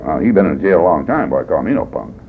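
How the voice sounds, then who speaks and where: A man gives a rambling personal testimony at a recovery meeting, folksy and wry. His pitch swings widely as he tells it. The recording is a tinny, lo-fi tape with a faint hiss. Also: big pitch swings, quick pace. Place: meeting room.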